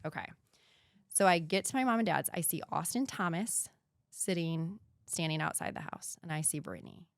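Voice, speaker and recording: An American woman in her thirties, appearing as a podcast guest, shares a painful personal story in an earnest, lowish voice that sometimes sinks to a hushed whisper. She speaks at a moderate pace, and the studio-quality recording is dry.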